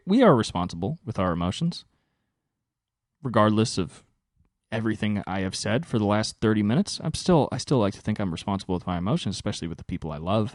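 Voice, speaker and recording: A young man hosting a podcast, telling a long story alone in an animated, exasperated way and swearing often. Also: low voice, no room sound, clean studio sound. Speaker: podcast host. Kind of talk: solo storytelling monologue.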